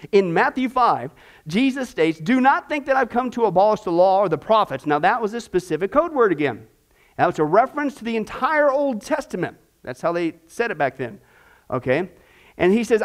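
High-voiced chatty male Bible teacher. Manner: chatty, corny asides, frequent rhetorical "okay?".

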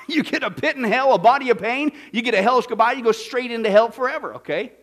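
A preacher from Kansas with a high-pitched voice, delivering a sermon full of drama. He swings from loud, shouted bursts to quiet, hushed asides and acts out the characters in his story. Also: quick pace. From Kansas, USA.

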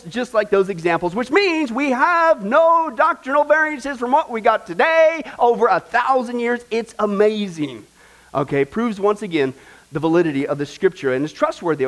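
An American man preaching a sermon, animated and emphatic, asking his listeners questions and joking along the way. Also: high-pitched. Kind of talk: sermon with humor.

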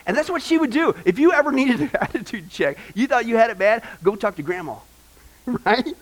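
A male pastor preaching a sermon, telling family stories in an animated way with many "uh" fillers. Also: very high voice, moderate pace.

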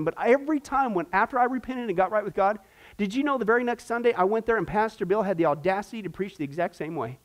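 A man's voice: high voice, fast. A middle-aged man, a pastor teaching a discipleship class, talking informally and throwing questions out to the room. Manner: animated, asks the class many questions.

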